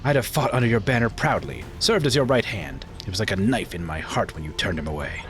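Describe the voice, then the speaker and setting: A man's voice: on the low side, lively intonation, brisk, a little hiss or hum, lightly acted. A male streamer voicing a proud young noblewoman who betrays her friend, reading her lines aloud in a raised voice. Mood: cold. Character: proud young noblewoman turned traitor, cold.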